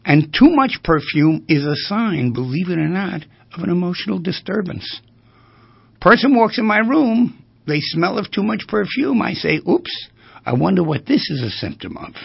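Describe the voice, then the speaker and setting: Male therapist giving a lecture-style talk, raised pitch, gravelly and husky, quite dry audio. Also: dry recording. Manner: animated, asks rhetorical questions. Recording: dull lo-fi recording.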